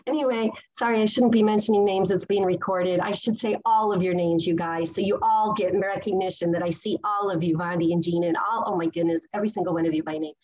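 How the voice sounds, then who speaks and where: A woman's voice: mid-range voice, dull audio. A woman in her forties giving a personal testimony at a recovery meeting, gushing with enthusiasm and stopping now and then to hunt for a word. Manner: excitable, gushing, pausing to search for words. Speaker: speaker sharing at a recovery meeting.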